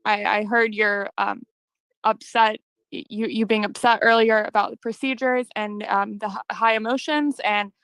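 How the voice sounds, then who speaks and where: A woman giving public comment over a video call, earnest and hesitant, with many pauses and ums. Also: mid-range voice, fairly even intonation, a bit bright, clear, resonant tone, no room sound, low-quality recording.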